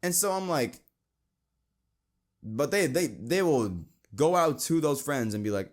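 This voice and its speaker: A man's voice: lively intonation, measured pace, pauses often. A young man hosting a Christian podcast, talking earnestly and casually and reading verses aloud. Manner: earnest, conversational, quotes scripture, mimics friends in a high voice. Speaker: podcast host.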